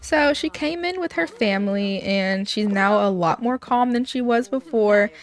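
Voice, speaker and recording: A woman's voice: fairly high pitch, a little slow. A woman casually commentating a life sim let's play in a chatty, upbeat way. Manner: chatty, upbeat, many fillers.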